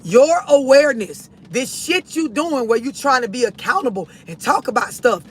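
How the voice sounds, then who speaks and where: A man's voice: extremely high pitch, animated, moderate pace, hardly any pauses, fairly bright tone, slightly rough. A man hosting a livestream, delivering a blunt, profane, preachy rant straight at his viewers on a phone from inside a vehicle. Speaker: livestream host. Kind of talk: ranting livestream monologue.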